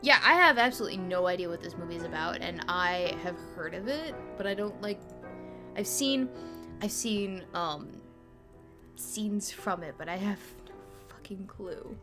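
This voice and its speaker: A woman's voice: mid-range voice, moderate pace, over music. A woman co-hosting a casual podcast, asking curious, dry questions about a film she hasn't seen. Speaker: podcast co-host. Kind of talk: casual chat.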